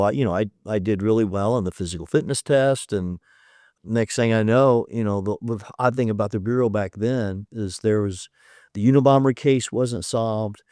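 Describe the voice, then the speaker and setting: In a conversational interview, this man in his fifties shares his story frankly, playing out the dialogue along the way. His medium-pitched voice has a warm tone, and the clean studio sound carries no echo.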